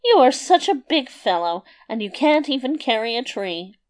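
Storybook tailor: small, cheerful, cocky man, loud emphatic boasts, played by a woman narrator. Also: medium pitch, big pitch swings, measured pace. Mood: boastful.

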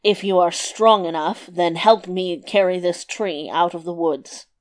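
Storybook giant: huge, scornful male, low slow growl, put on by a woman narrator. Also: lightly acted. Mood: gruff.

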